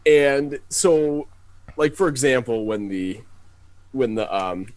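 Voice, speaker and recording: A man's voice: mid-range voice, lively intonation, slow pace. A man co-hosting a comedy podcast, chatting loosely and laughing often, with plenty of swearing. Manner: giggly, loose, profane. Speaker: podcast co-host. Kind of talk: casual comedic chat.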